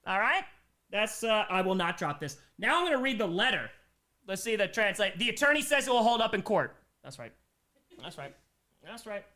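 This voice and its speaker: Excited man chatting on a livestream. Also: sits high, moderate pace. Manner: excited, reading chat aloud. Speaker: streamer host. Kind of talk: casual live-stream chat.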